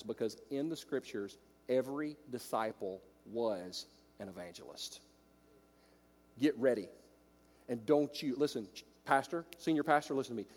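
A man preaching a sermon to church leaders, swinging from hushed asides to loud, ringing declarations. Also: medium pitch. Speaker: pastor. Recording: long hall reverb.

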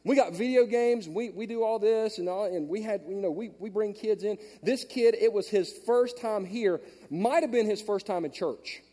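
A male pastor delivers a storytelling sermon in a high, lifted voice. He drops to hushed asides, then climbs to loud, emphatic peaks. The sound rings with the long reverb of a big church hall. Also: moderate pace, hardly any pauses. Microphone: handheld mic.

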